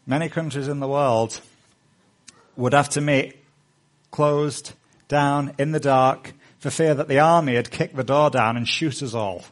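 A middle-aged male pastor preaching a sermon with earnest, rising appeals, then leading a hushed prayer. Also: mid-range voice, steady tone, a little slow.

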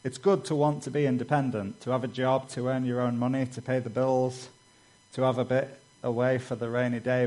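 A man's voice: mid-range voice, a little mellow, low-quality recording. A man preaching a sermon in a conversational way, dropping in "you know" asides and acting out stories in a raised voice. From Britain. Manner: acts out quoted dialogue with raised voice.

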